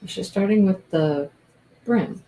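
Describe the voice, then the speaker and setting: Lady crochet streamer, slow easy chat, gushes over cute stuff, thinks out loud following a video. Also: mid-range voice, rough recording. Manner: gushing, thinks aloud while following a video. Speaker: crochet livestream host. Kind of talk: casual crochet-along livestream chat.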